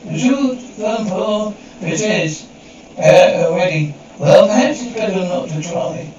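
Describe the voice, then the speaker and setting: A man's voice: high-pitched, expressive, slow pace, heavy reverb. A man speaking lines in a television drama scene, heard muffled and distant. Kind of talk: TV drama audio. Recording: muffled, distant TV audio with crowd noise.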